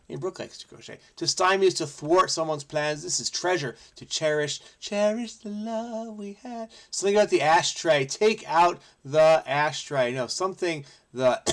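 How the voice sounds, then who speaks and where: Excitable gravelly man solving aloud. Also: on the high side. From New Jersey. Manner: frenetic, excitable, muttering asides, breaks into song. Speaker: crossword solver host. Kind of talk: thinking aloud while solving.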